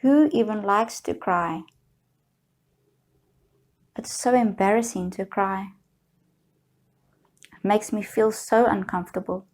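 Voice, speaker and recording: A middle-aged woman coaching listeners through a guided self-help exercise, speaking slowly in a soothing, gently encouraging way. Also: medium pitch. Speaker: healing coach.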